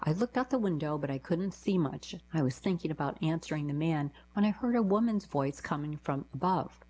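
A woman narrating short reader-submitted diary stories in a calm, even scripted read. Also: low voice, a little fast, slight background noise, poor audio. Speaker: narrator reading diary letters.

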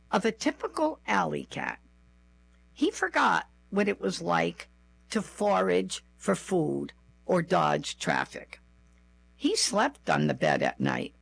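A woman's voice: mid-range voice, vocal fry, slightly rough. A woman reading a first-person memoir aloud, with wry, self-mocking humor. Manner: wry, unhurried storytelling with a dry, self-mocking tone. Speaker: storyteller.

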